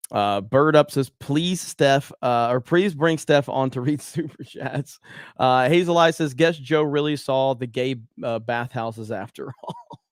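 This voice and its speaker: A man's voice: medium pitch, no echo, studio quality. A man hosting a live stream casually, reading viewer messages aloud, laughing often and filling with ums. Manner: laughs a lot, loose, filler-heavy.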